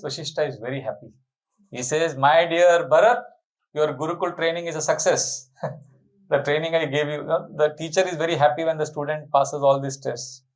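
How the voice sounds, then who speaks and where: Man, sermon storyteller, animated, asks the crowd questions. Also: on the high side, poor audio. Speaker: spiritual speaker.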